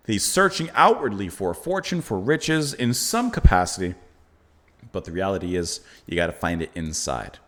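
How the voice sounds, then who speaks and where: Man with a low, lively voice reviewing an album. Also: moderate pace. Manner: thoughtful, analytical, admiring commentary with frequent "you know" and "like". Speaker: music reaction channel host. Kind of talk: casual album reaction and review.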